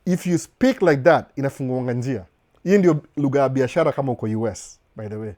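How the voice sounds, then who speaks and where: A man's voice: medium pitch, animated, brisk, mellow. A man from Kenya with a Kenyan accent, chatting casually in a live Q&A from his home den, often restarting words and checking in with his listeners. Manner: chatty, repeats and restarts, asks "unaona?". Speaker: live-stream host. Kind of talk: casual live Q&A chat, code-switching. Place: indoor home den with a couch.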